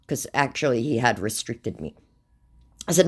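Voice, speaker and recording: A woman's voice: very deep voice, sing-song, moderate pace, long pauses, husky. Dry, sarcastic Australian woman. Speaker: scam baiter. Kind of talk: comic storytelling.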